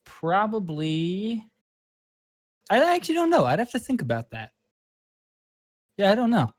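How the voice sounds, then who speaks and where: A woman's voice: mid-range voice, huge pitch swings, unhurried, darkish tone, no room sound, studio quality. A woman in a casual chat, upbeat but unsure of her answers.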